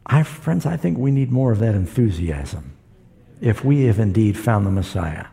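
Man, preacher, gravelly, mellow tone, storytelling sermon. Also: fairly low pitch, sing-song, normal speed. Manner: storytelling, acts out quoted voices.

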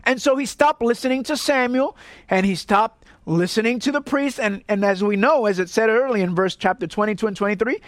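A man's voice: high-pitched, a little fast, no room sound. A male pastor from Puerto Rico preaching a sermon in an earnest, rhetorical way, often checking in with "right?".

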